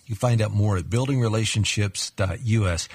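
A man hosting a radio interview show, measured and warm as he introduces guests and asks questions. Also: lowish voice, slightly rough, no echo.

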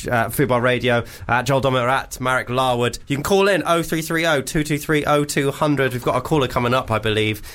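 A man's voice: mid-range voice, a little fast, hardly any pauses, a bit bright, clean tone. Man, comedy radio co-host, joking banter.

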